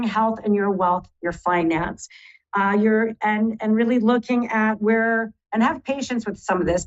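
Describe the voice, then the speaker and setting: Chatty psychic woman on dull lo-fi audio. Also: a little high. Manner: chatty, rattles off keyword lists, affectionate asides. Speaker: psychic astrologer host. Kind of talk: live radio horoscope forecast.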